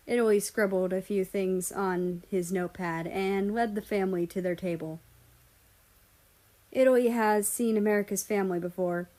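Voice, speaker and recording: A woman reads a fan fiction story aloud as an audiobook. Her narration is steady and even, carrying the listener through the scene. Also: medium pitch, normal speed. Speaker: story reader.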